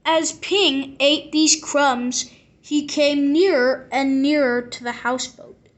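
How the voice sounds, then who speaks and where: A woman reading a classic picture book aloud, telling the story slowly and expressively. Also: sits high, steady tone. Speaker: storybook reader.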